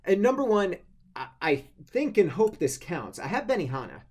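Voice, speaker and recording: Animated young man, lively pitch. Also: normal speed. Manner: animated, laughs easily, stammering restarts. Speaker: podcast co-host. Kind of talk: casual chat.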